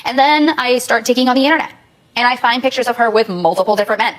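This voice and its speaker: A young woman pours out her story on a talk show in a rushed, pleading flow. Her voice sits a little high and her words tumble out quickly. The sound is a clean studio recording. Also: fairly bright tone, poor audio. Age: young adult. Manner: rapid, pleading, emotional storytelling. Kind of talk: emotional talk show testimony.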